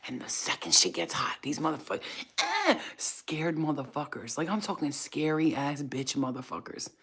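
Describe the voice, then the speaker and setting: A woman casually chatting to her viewers at home, blunt and profane, animated and sometimes dropping to a soft whisper. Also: deep voice, moderate pace, slightly rough. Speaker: spiritual channel host. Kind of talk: casual straight-to-camera chat.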